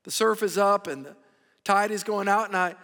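A man's voice: sits high, moderate pace, sharp tone. A male pastor voicing an earnest young man from a sermon story. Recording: long hall reverb.

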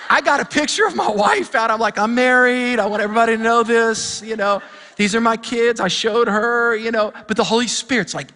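In a church sanctuary, a middle-aged male pastor tells a story in his sermon and builds to fired-up preaching. His voice is high-pitched, bright and forceful, with a long reverb tail.

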